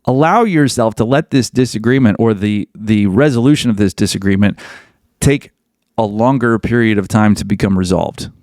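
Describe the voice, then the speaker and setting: Podcast host, male, mid pitch with a gravelly edge, blunt and emphatic, dry close-mic sound. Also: moderate pace, a little mellow, dry recording. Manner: blunt, emphatic, repeats points. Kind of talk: advice monologue.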